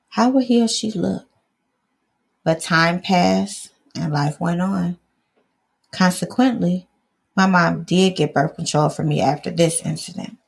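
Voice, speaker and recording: Woman from Detroit, memoir reading, earnest, personal asides, husky, gravelly. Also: sits low, darkish tone. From Detroit, USA. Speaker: author reading her memoir.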